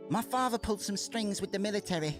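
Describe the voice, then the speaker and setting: A man's voice: high voice, expressive, fast talker, music in the background, voice pushed up. A man reading the lines of a spirited, defiant young woman from a video game in a raised voice.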